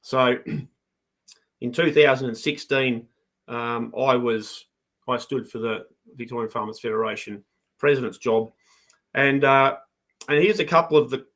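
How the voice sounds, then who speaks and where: A man's voice: medium pitch, fairly bright tone. A middle-aged man with an Australian accent, a farm advocate giving fired-up, combative commentary on a live broadcast.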